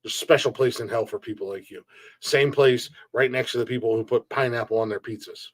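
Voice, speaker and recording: A man's voice: medium pitch, steady tone, fairly quick, no echo. Profane, joking man on a live stream. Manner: blunt, profane, joking rants; laughs often between remarks. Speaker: podcast host reading chat. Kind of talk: casual live-stream chat.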